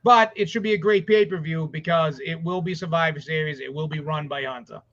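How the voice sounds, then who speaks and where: A man co-hosting a casual sports podcast, rambling excitedly and swearing as he talks. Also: on the high side, fairly quick. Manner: excited, profane, rambling with restarts. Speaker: podcast co-host. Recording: dull lo-fi audio.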